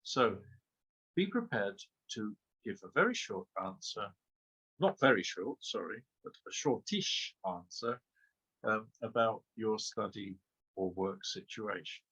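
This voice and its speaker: Husky-voiced man giving exam tips. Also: on the low side, animated, unhurried, fairly bright tone, lo-fi sound. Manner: emphatic, rhetorical questions, frequent "okay?". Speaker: exam trainer. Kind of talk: webinar lecture.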